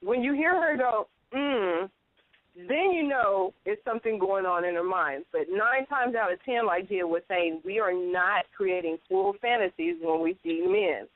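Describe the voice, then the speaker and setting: A woman co-hosting a casual chat show, telling animated stories and acting out quotes in higher voices. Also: a little slow, no room sound. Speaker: co-host. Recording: tinny phone-like line, dry.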